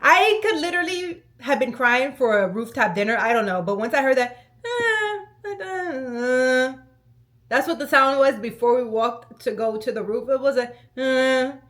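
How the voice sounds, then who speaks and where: A young woman telling a storytime vlog in an animated, chatty way, full of "like" and "let me tell you". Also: a little high, moderate pace. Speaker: vlogger.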